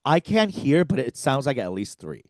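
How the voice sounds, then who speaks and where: Here the podcast co-host talks at a normal speed, his medium-pitched voice captured in studio quality without any room sound. He's animated and foul-mouthed as he tells a comedy story, performing each quote as he goes.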